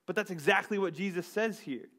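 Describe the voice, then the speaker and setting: Quick and a bit bright, his voice sitting high, the preacher keeps the sermon conversational, recounting a self-mocking story about himself and often tossing in "right?"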